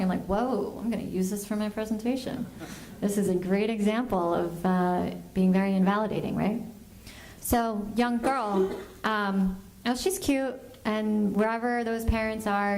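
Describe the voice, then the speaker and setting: A woman's voice: mid-range voice, darkish tone. A woman, a family therapist, giving a workshop lecture and acting out the parents and kids she quotes. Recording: echoey room, faint ambience.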